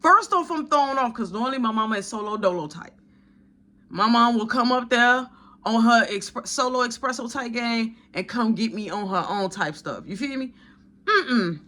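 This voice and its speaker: A man telling a casual storytime in an animated, slangy, dramatic style. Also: extremely high pitch, moderate pace.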